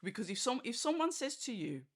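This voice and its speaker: A boxing channel host reviews a fight in a casual, rambling monologue, speaking quickly at a medium pitch and sounding very animated. The review is packed with "like" and "you know," and he acts out the reactions he quotes.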